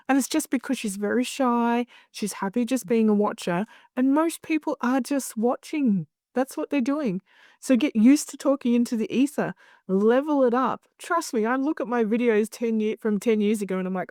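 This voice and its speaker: A woman guest talking candidly in an interview, blunt and animated, swearing freely as she tells stories. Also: fairly high pitch, moderate pace, no echo, clean studio sound. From Australia. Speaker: guest, clinical hypnosis director.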